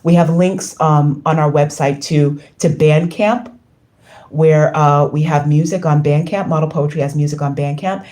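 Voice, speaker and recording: A woman's voice: sits low, steady tone, moderate pace, mellow. A woman from the United States hosting a casual livestream, effusive and rambling, with lots of ums as she reads the chat. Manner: effusive, rambling with many fillers. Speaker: livestream host.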